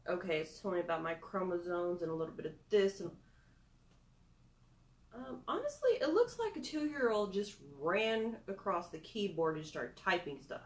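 A woman's voice: on the low side, sing-song, normal speed, echoey room. A young woman chatting casually through a product review, self-deprecating with giggly asides. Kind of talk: casual screen-recorded review.

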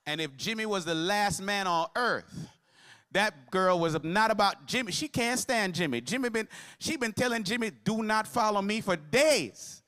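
A man's voice: sits high, animated, moderate pace, pushed and bright. A man preaching a sermon as pastor, mixing humor with call-and-response to the congregation.

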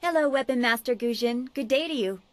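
A woman's voice: fairly high pitch, brisk, lightly acted. An actress playing an earnest, respectful young female martial arts student in a game.

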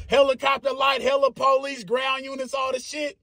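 Bay man in his thirties, very high husky voice, animated and profane storyteller who makes his own sound effects. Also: moderate pace, few pauses, no room sound, raised voice, clean studio sound. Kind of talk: casual storytelling.

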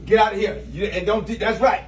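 A man playing a new boss in a comedy sketch, bossy, loud and teasing, with big swings in pitch. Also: quick pace.

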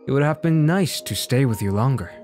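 A man voicing a soft, dying companion's farewell. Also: animated, a little fast, soft background music, lightly acted. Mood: tender sad. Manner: soft, low, tender reading. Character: dying companion saying a tearful goodbye. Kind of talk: reading game dialogue aloud.

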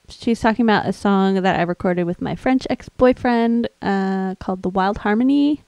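A woman's voice: mid-range voice, moderate pace, few pauses, clean tone, dry recording, low-quality recording. A woman hosting a music livestream, chatting casually and rambling between songs with a tired voice. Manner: chatty, rambling, soft and laughing.

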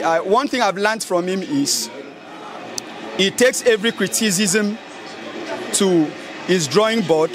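A man with a Nigerian accent giving an excited, emphatic fan reaction in a street interview, repeating his phrases. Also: sits high. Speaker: football fan giving a post-match reaction.

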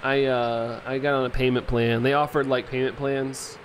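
A man's voice: mid-range voice, flat delivery, moderate pace, slight background noise. A young man chatting casually as a game streamer, rambling with lots of fillers and often laughing. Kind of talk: casual chat while playing, reading chat.

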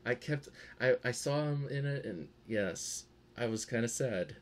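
A man's voice: mid-range voice, lively intonation, unhurried. A young adult man co-hosting a casual movie review talk, rambling a bit and laughing at himself. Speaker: co-host.

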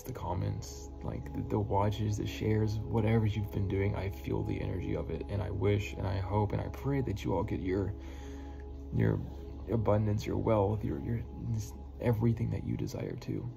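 A man with a low, gravelly voice speaks straight to his viewers as a spiritual healer. He sounds earnest and encouraging, often repeats words, and swears casually. Clear music plays behind him. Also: normal speed. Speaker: spiritual healer giving messages. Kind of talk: heartfelt spiritual message to viewers. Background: music playing.

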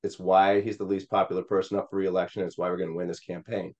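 A man's voice: sits low, flat delivery, quick pace, a little mellow, lo-fi sound. A man from Missouri, a Senate candidate, telling an emotional personal story with many fillers and acted-out quotes. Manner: rambling with many fillers, quoting voices.

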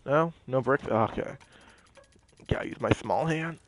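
A young man giving animated gameplay commentary, talking to the characters on screen as he plays. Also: mid-range voice, unhurried. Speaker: gaming channel host.

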